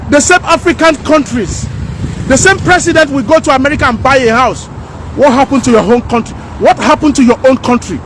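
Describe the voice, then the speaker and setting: Outdoors near some houses, a woman vlogger with a high voice speaks briskly in a fiery, preachy opinion video, repeating lines for emphasis. There's slight background noise.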